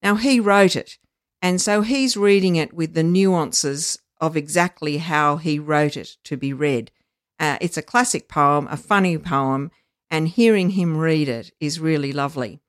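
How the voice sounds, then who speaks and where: Educator, measured and teacherly with frequent ums and uhs, mid pitch, dry close sound. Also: no room sound. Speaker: literacy educator. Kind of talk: explanatory podcast chat.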